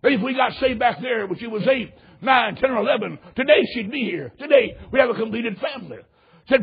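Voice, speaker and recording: A man preaching a sermon and leading an altar call, swinging from hushed, quiet passages to shouted, impassioned climaxes. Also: extremely high pitch, animated, brisk, gravelly. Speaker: pastor. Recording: dull lo-fi recording.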